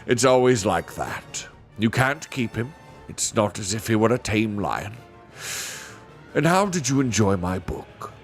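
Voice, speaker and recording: A man voicing a mild, sleepy old male magician who talks in a gentle, chuckling, rambling way. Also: lowish voice, lively intonation, a little slow, faint music behind, pitched above the performer's own voice. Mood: genial.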